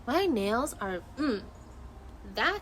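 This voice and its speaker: A woman's voice: fairly high pitch, very animated, slow pace, fairly bright tone. A woman streaming outdoors at night, chatting casually with her viewers. She rambles, gets emotive and swears freely. There is a faint hiss of outdoor ambience behind her. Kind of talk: casual chat. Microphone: phone camera.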